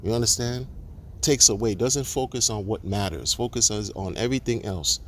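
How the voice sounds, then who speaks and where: A man's voice: fairly low pitch, moderate pace, fairly bright tone, slight background noise. A man ranting indignantly to camera, repeating himself and restarting words as he builds his case. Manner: indignant, repetitive, stammering restarts. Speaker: crypto commentator. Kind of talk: ranting monologue.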